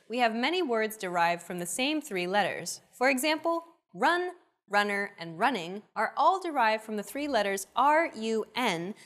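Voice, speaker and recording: A young adult woman hosting a language lesson, with clear, upbeat, teacherly scripted narration. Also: on the high side, fairly bright tone.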